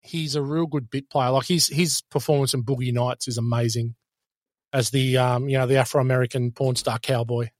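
A man's voice: medium pitch, steady tone, moderate pace, dry recording, clean studio sound. A man co-hosting a podcast, chatting and bantering about films. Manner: banter, jokey interjections. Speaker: podcast co-host. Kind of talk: casual film review chat.

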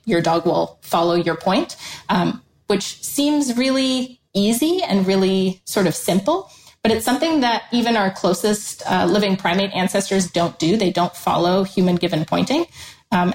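A woman researcher talking eagerly about dog studies on a video call, full of fillers and quick restarts. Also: mid-range voice. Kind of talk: enthusiastic explanatory interview talk. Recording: echoey room with faint noise.

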